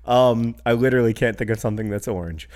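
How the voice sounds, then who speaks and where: A man's voice: medium pitch, fast, a little mellow. A middle-aged man with a Midwestern US accent co-hosting a podcast in casual, wry, joking chat, often restarting sentences. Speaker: podcast co-host.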